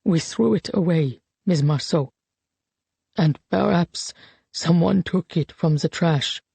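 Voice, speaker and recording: A narrator voicing a guilt-ridden elderly man who pleads in a shaky, rasping, halting voice. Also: medium pitch, mellow, dry recording, full character voice. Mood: tearful.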